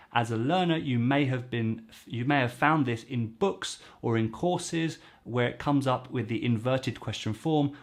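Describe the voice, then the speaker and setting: A man teaching language phrases to camera in a chatty way, repeating each phrase slowly for practice. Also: mid-range voice. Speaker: French teacher.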